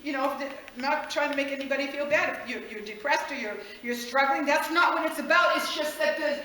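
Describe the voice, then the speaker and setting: A woman preaching a passionate sermon, rising at times to shouts and breaking into laughs. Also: high voice, fairly quick, very echoey, rough recording.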